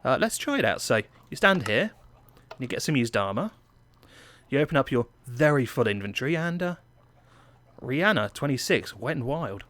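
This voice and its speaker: An English man from England talking through a video game tour in a chatty, playful way. His voice sits at an ordinary middle pitch, and he mocks himself now and then as he goes. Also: big pitch swings, moderate pace, long pauses, a bit bright. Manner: chatty, playful, self-mocking. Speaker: gaming channel host. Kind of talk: gameplay commentary.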